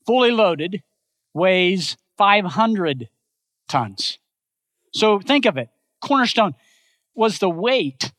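A woman's voice: fairly low pitch, no room sound. Woman pastor, middle-aged, emphatic repetitive sermon delivery, dry close sound. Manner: emphatic, repetitive preaching cadence.

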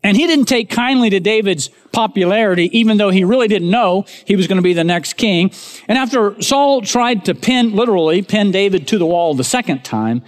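A man preaching a sermon as pastor, emphatic, rising to raised declarations and dropping to hushed asides while speaking directly to his congregation. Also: high-pitched. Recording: long hall reverb.

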